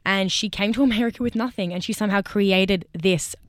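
A woman co-hosting a podcast in casual chat, talking in a chatty, bubbly way with quick asides. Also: mid-range voice, no echo, clean studio sound. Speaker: podcast co-host.

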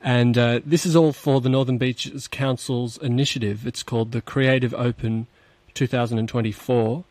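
A man, a radio host interviewing a guest in a friendly, slightly halting way. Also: mid-range voice, steady tone, darkish tone, no room sound. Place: radio studio.

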